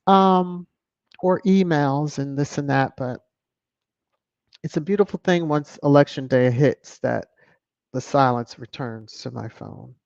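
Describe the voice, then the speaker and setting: A woman's voice: low voice, measured pace, vocal fry, darkish tone, no room sound. A woman from the United States hosting a casual livestream, chatty and opinionated as she reads out viewer comments. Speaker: livestream host. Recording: dull lo-fi home stream audio.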